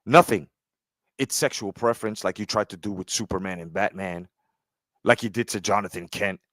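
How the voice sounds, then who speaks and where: A man's voice: lowish voice, moderate pace, a bit bright, no room sound, clean studio sound. A man giving a heated, profane commentary rant, often asking "right?". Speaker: commentary streamer. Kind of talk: ranting commentary.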